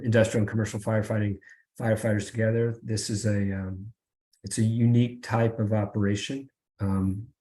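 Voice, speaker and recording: Middle-aged guy presenting on a webinar, low voice, lots of ums and restarts. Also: warm tone. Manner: halting, many fillers and restarts. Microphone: video call.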